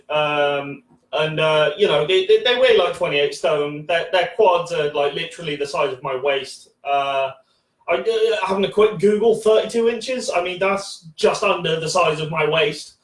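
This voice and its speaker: A high-pitched man in his thirties rambles through a first stand-up set, stumbling over restarts and fillers and swearing freely. He is heard from a distance, and the room rings with echo around him. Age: 30s. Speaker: stand-up comedian.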